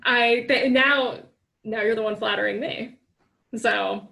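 Woman in her 30s, kinda high voice, laughs a lot, just chatting. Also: steady tone, slow pace, gravelly, sharp tone. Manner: candid, playful, laughs easily. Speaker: writer and reporter. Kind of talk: casual chat.

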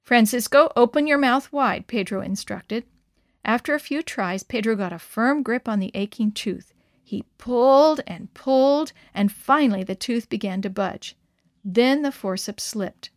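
A woman narrating a story aloud in a steady, expressive reading voice. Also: medium pitch, a little slow, no echo, studio quality.

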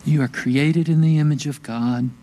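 Male pastor, sermon, slow reflective delivery, warm mellow tone, slightly high voice. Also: fairly even intonation, poor audio. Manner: slow, gentle and reflective, with long pauses.

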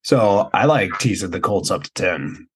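A man's voice: low voice, expressive, moderate pace, breathy edge. A man co-hosting a casual sports betting podcast, laid-back and profane. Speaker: podcast co-host.

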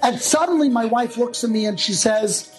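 A man, a rabbi, telling a humorous personal story in a lively way, often laughing as he goes. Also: extremely high pitch, moderate pace, soft background music, rough recording. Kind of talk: storytelling monologue.

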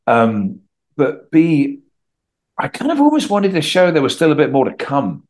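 A middle-aged Englishman talking casually as a podcast guest, telling animated stories and acting out quotes. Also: a little high, moderate pace. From England. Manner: chatty, animated storytelling with acted-out quotes. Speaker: guest actor.

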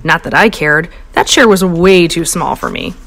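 This woman reads a children's story at a moderate pace with a creaky voice and a bouncy, playful delivery. Her pitch leaps up and dips down, keeping things animated for young listeners.

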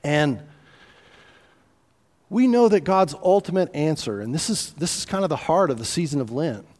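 A man's voice: fairly high pitch, expressive, normal speed, a little mellow, big-room sound. A man preaching a sermon in a conversational, folksy way, with asides and restarts. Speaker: pastor.

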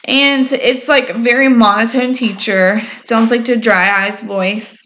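A woman's voice: on the high side, steady tone, unhurried, a bit bright. A woman casually recapping a story in a rambling, chatty way with lots of fillers. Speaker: podcast co-host recapping episodes. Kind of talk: casual chat.

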